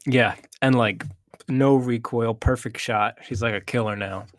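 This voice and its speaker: A man's voice: mid-range voice, steady tone, unhurried, no echo. Male co-host, casual movie talk, hesitant retelling, dry sound. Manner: retells plot with hesitations and restarts. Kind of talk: casual chat.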